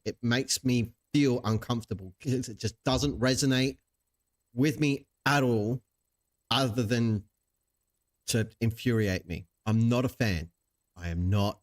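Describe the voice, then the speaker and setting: A man hosting his channel, chatting casually and reacting to a video with wry, sarcastic asides. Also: lowish voice. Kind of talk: casual live-stream commentary.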